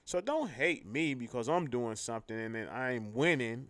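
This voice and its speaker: A man's voice: mid-range voice, expressive, moderate pace, a bit bright, no room sound. A man hosting a live talk show, brash and profane, trash-talking and boasting. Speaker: host.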